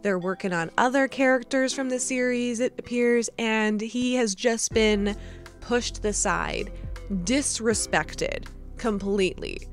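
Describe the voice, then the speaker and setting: A woman's voice: a little high, slow pace. A young woman in casual vlog chat about her collection, gushing and giggly, full of fillers. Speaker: vlogger. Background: soft lo-fi music.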